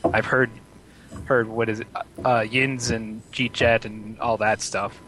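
A man with a Western Pennsylvania accent, a podcast guest talking casually and haltingly. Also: fairly low pitch, flat delivery, bright, forceful tone, slight background noise, poor audio. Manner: hesitant, halting, with restarts.

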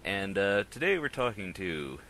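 A man's voice: sits low, very animated, measured pace, pushed and bright, low-quality recording. A man hosting a casual podcast on a headset mic, rambling and joking at his own expense. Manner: rambling, self-mocking, laughs often. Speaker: podcast host.

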